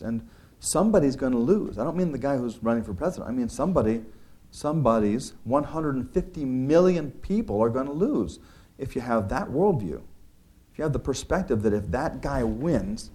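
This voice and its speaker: A man with a dark, mid-range voice talks through the ideas in his book. He keeps it earnest and conversational, restarting often and using plenty of filler words.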